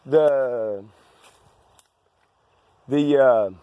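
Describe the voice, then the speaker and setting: A man's voice: mid-range voice, drawn-out words, dark tone, a little hiss or hum. Rambling man outdoors. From Arkansas. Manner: meandering, with many restarts and asides. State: out of breath. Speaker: landowner vlogger. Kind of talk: rambling outdoor walk-and-talk. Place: outdoors on rural land.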